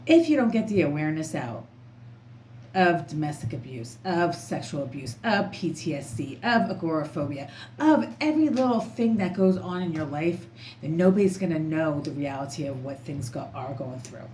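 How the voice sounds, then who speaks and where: A woman's voice: low voice, expressive, moderate pace, darkish tone. A woman tarot reader talking casually to camera in an emphatic, rambling, outspoken way. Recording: echoey room, faint background noise.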